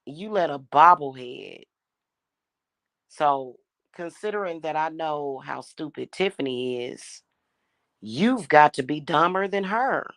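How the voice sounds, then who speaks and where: A woman's voice: deep voice, expressive, slow, fairly bright tone, no room sound. A young woman venting in an angry, profane rant, blunt and scornful as she talks. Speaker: spiritual reader and vlogger. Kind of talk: angry ranting monologue.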